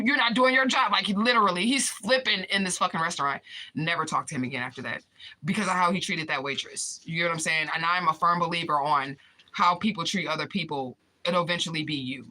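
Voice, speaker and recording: A woman live-streaming her personal stories with a very bright, forward voice. She talks casually and profanely, answers her viewers and gets animated as she tells the stories. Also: on the low side. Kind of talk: casual storytelling vlog.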